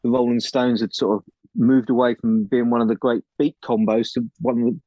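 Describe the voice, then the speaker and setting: A man's voice: mid-range voice, fairly quick, no room sound. Man telling film-set stories over dull audio. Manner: storytelling, lively, with frequent restarts. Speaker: author and guest. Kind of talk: anecdotal interview chat.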